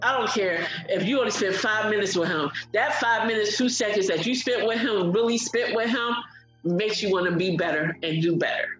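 A woman telling a personal faith testimony in a casual, animated way on a broadcast. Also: medium pitch, moderate pace, reverberant, dull audio, soft background music. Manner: animated storyteller, laughs and cries while recalling. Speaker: guest sharing testimony.

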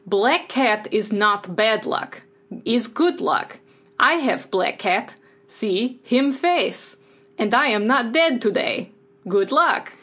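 A woman putting on a slow, broken-English voice of a deadpan Russian man praising his black cat. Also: fairly high pitch, pitched above the performer's own voice.

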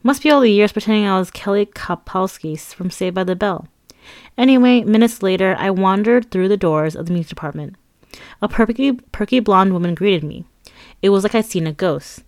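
A woman's voice: mid-range voice, moderate pace, no room sound. A woman narrating her own memoir with a candid, wry, conversational manner.

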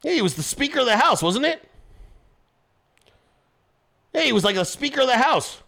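A man's voice: extremely high pitch, sing-song, moderate pace, creaky, sharp tone. A male host ranting in political commentary, profane and confrontational, who mocks people by voicing them. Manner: mocks people with quoted voices.

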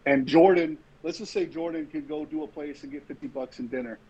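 A man's voice: a little high, a little fast. A man who hosts a comedy podcast, telling a story casually and acting out what people said. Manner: animated storyteller, acts out quoted dialogue. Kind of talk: casual chat. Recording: dull lo-fi sound with faint noise.

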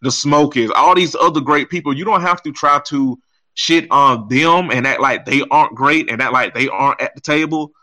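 A man's voice: a little high, moderate pace, sharp tone. A man co-hosting a podcast, ranting in heated, exasperated commentary and swearing heavily.

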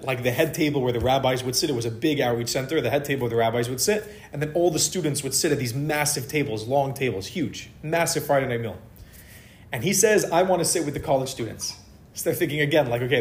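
A man telling a story to a live audience in a casual, conversational way, acting out the dialogue of the people in it. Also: mid-range voice. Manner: conversational, animated, acts out dialogue. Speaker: speaker giving a holiday talk. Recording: echoey room.

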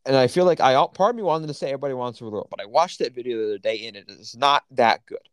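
A man talking on a podcast in a relaxed, chatty way, keen and full of opinions. His voice sits at an average pitch and sounds close and completely dry, with no room around it. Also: very fast, clear, resonant tone, no room sound. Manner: enthusiastic, opinionated, lots of fillers. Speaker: podcast co-host. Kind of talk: casual chat.

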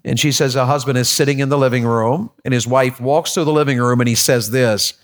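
A man's voice: medium pitch, steady tone, fairly quick. A man from Tennessee preaching a sermon in a church, folksy and joking with the congregation, often repeating his words. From Tennessee, USA.

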